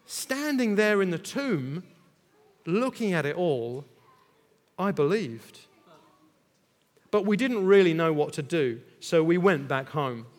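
A man, telling a Bible story in first person as a disciple, chatty and jokey with lots of asides. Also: very high voice. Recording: long echo of a large hall.

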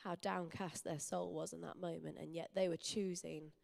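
A woman's voice: fairly low pitch, little pitch movement, moderate pace, creaky, a little mellow. A young woman giving a sermon in an earnest, personal, conversational way. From England. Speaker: church speaker. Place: church hall.

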